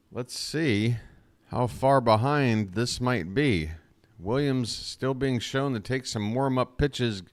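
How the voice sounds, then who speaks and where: A fan streamer calls a baseball game live, chatting directly to his viewers in a self-deprecating way through a close desk microphone. His voice is medium-pitched and the recording is dry.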